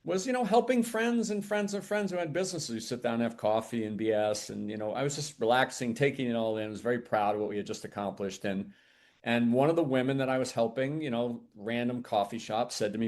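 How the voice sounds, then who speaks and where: A middle-aged man speaks quickly at a mid pitch, telling a business story to an interviewer. He brings quoted conversations to life, swinging up in pitch when he plays other people. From United States. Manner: animated, acts out quoted dialogue. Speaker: podcast guest, entrepreneur.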